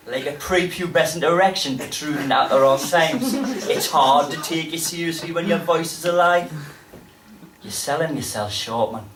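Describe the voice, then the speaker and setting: Geordie poet performing live, dramatic bursts. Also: male voice, mid-range voice, distant mic, slight background noise. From North East England. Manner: dramatic delivery with sudden loud bursts. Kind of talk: live spoken-word poetry performance. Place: pub venue with a live audience. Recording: roomy live pub recording from afar.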